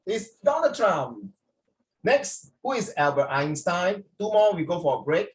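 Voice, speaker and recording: At a measured pace and fairly high pitch, a man teaches a class, his coaching lively and teasing, with Mandarin phrases popping up throughout. The recording puts him somewhat distant from the mic.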